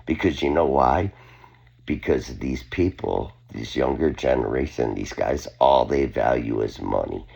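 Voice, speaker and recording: A man's voice: a bass voice, a little slow, gravelly, a little mellow, muffled recording. A man hosting an opinion commentary, speaking in a critical, indignant way. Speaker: commentary channel host.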